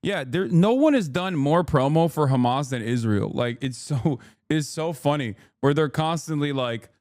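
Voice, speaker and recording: High-voiced, profane ranting man. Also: lively intonation, moderate pace, a little mellow, no room sound, clean studio sound. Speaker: streamer host. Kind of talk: livestream commentary.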